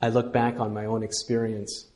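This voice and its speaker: A man preaching a sermon as pastor, swinging from quiet intimate asides to loud emphatic lines and leading the congregation to repeat after him. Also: fairly low pitch, completely flat delivery, moderate pace. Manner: leads congregation in call-and-response.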